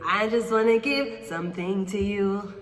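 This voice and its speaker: A woman's voice: medium pitch, steady tone, measured pace, soft background music. A woman giving a casual tarot reading in a playful, teasing and rambling way, with frequent swearing. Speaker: tarot reader. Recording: echoey room with long reverb.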